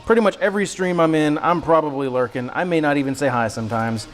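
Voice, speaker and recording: Chill guy cooking live in his kitchen, kinda high voice, goofy and self-deprecating, faint music behind. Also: fast, rough recording. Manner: upbeat, slangy and self-deprecating, chatting to viewers. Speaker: cooking livestream host. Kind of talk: casual livestream chat while cooking. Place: home kitchen.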